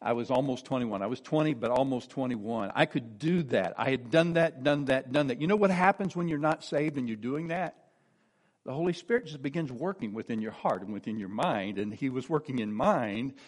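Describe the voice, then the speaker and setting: Speaking fairly quickly with lively intonation, a man in his sixties delivers a heartfelt personal testimony as a preacher. His storytelling is warm, and he sinks into a quiet, low voice whenever quoting someone.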